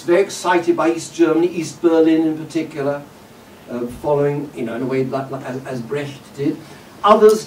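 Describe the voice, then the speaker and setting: A man giving a public lecture, with a fairly high pitch for a man. His delivery is measured and discursive, with frequent "uh" and "um" and wry asides. He is picked up by a distant microphone in a roomy hall, with a faint hum behind him. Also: darkish tone. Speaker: guest lecturer. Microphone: distant room mic.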